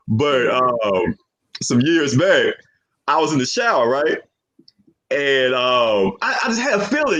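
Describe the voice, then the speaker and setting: A young man hosts a podcast in a fairly high, somewhat bright voice. His casual chat is loose and rambling, and he keeps dropping "you know what I'm saying" into his sentences.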